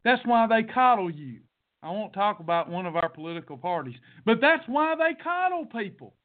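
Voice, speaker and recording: A high-voiced man delivers a blunt, folksy pep talk with the cadence of a sermon, hammering each point twice. His voice comes through thin and tinny, like a phone line, and he pushes hard at his audience. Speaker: podcast host. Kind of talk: preachy motivational monologue.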